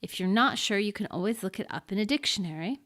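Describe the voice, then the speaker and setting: A woman teaching an introductory lesson, explaining things slowly and deliberately and pausing as she marks examples. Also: medium pitch, expressive, a bit bright. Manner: slow and deliberate, pausing to mark syllables. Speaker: Latin teacher. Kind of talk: slow, careful lesson explanation.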